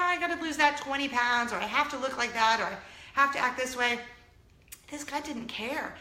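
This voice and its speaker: A woman hosting a casual vlog, telling a story in an animated, chatty way. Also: sits high. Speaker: host. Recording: echoey room.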